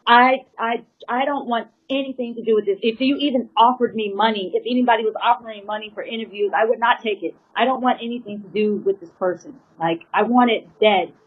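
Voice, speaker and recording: A woman's voice: a little high, steady tone, brisk, hardly any pauses, husky. A woman drummer giving an earnest, emotional personal account, rambling with many fillers and pleading at times. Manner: rambling, full of "you know" and "like" fillers. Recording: slightly muffled lo-fi recording.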